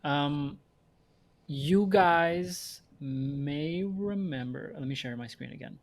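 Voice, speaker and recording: A man's voice: a little high, slow pace, creaky. A man co-hosting a casual podcast chat, enthusiastically explaining tech and summarizing notes. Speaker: podcast host.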